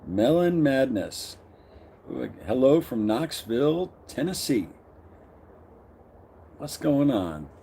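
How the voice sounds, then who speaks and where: A man's voice: mid-range voice, very animated, takes it slowly, long pauses, mellow, a little hiss or hum. A middle-aged man hosting a casual live stream, greeting viewers by name and reading their comments aloud.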